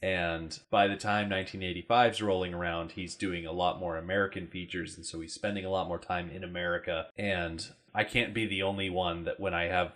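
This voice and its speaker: Male podcast host, lowish voice, easygoing wry banter. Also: fairly even intonation, a little fast, hardly any pauses, a bit bright. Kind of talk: casual chat.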